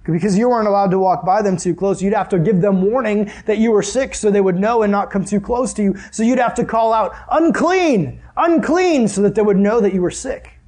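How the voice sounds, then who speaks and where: A young man preaches with a slightly husky, fairly high voice. His tone is earnest and conversational, and he poses rhetorical questions to the congregation. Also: fairly even intonation, fast talker, few pauses, mellow. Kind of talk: sermon.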